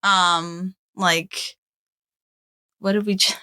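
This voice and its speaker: A woman's voice: lowish voice, level tone, very slow, pushed and bright, smooth. A young woman from Canada, a guest on her father's podcast, chatting bluntly and giggling often. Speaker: podcast guest, host's daughter. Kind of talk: casual podcast chat.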